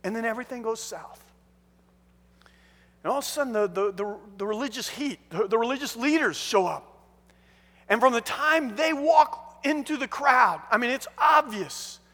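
A male pastor preaching an animated sermon in a church hall. His voice sits very high and forceful, full of restarts. A long reverb rings behind every phrase. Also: moderate pace. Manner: animated storytelling, frequent restarts.

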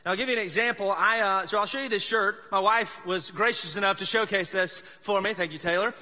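A man's voice: high voice, fairly quick, pushed and bright. A man from South Mississippi with a Southern accent, preaching a casual, joking sermon as a pastor in a church. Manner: chatty, self-deprecating, joking. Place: church sanctuary. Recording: long hall reverb in church.

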